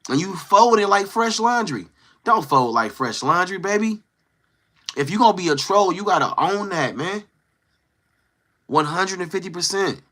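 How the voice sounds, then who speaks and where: A man's voice: high-pitched, expressive, normal speed, long pauses, bright, forceful tone. A young man streaming live, casually chatting with his viewers and playfully teasing trolls in the chat. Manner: teasing, playful trash talk.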